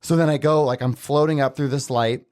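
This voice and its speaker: A man's voice: medium pitch, fairly even intonation, brisk, darkish tone. A man talking as a podcast guest, telling a personal story casually and earnestly, with many filler words. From Southern Utah, USA.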